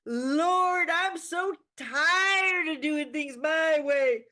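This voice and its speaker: A woman playing a fervent Southern preacher man, crying out to God in a pleading, drawn-out way. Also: sits high, sharp tone, voice pushed up, full character voice. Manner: impassioned, pleading, drawn-out cries.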